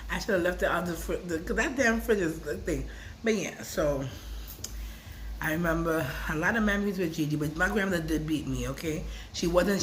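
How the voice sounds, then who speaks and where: Rambling woman vlogger, emotional and loud. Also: fairly low pitch, slight background noise. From Brooklyn. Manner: rambling, repeats words, swings between soft and loud. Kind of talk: casual emotional vlog talk.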